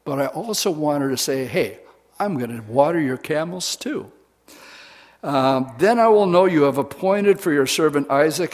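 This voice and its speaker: A man preaching a sermon, retelling a scripture story in casual, folksy words to a women's audience. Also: a little high.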